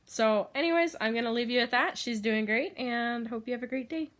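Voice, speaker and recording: A woman vlogger chats casually in a home vlog, her voice fairly high, brisk, and a bit bright. She rambles with plenty of fillers and laughs often.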